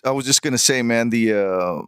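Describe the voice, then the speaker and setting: A man's voice: medium pitch, moderate pace, fairly bright tone, smooth, no room sound, studio quality. A man co-hosting a fight podcast in casual chat, swearing and trading jokes. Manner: swearing, joking banter. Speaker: podcast co-host.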